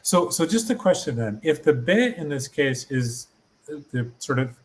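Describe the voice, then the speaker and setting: A man's voice: a little high, sing-song, moderate pace, slight background noise. A man hosting a podcast as a learner, asking eager, curious questions and restarting his sentences as he thinks. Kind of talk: casual podcast chat.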